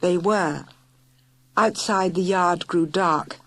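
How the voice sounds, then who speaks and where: A woman narrating a children's audiobook in a lively, clear storytelling manner. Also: lowish voice, normal speed, no echo. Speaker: audiobook reader.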